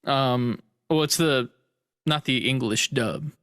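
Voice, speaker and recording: Jokey guy cohosting a podcast, kinda gravelly, swears a lot. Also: medium pitch, slow pace, fairly bright tone, no room sound, clean studio sound. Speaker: podcast co-host. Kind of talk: casual chat.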